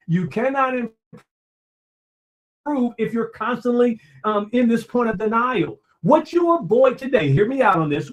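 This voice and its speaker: Male motivational speaker, high-pitched, preacherly, direct asides to the listener. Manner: preacherly, repeats phrases for emphasis. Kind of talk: motivational talk.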